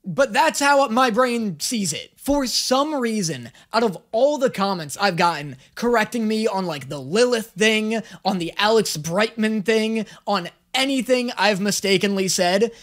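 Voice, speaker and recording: A reaction-video host giving casual, sarcastic commentary full of swearing and quick asides. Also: medium pitch, lively intonation, a bit bright.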